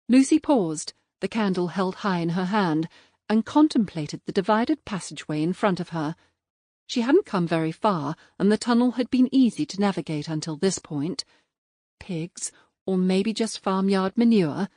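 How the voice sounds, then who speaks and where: A woman reading a mystery audiobook in a measured, even scripted narration. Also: medium pitch, dry recording, studio quality.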